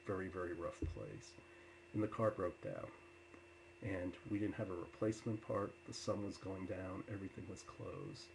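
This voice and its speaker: A man telling personal stories to an audience with many filler uhs, turning loud and animated when he quotes himself. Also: sits low, normal speed, vocal fry, background noise. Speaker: storyteller. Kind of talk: personal storytelling talk.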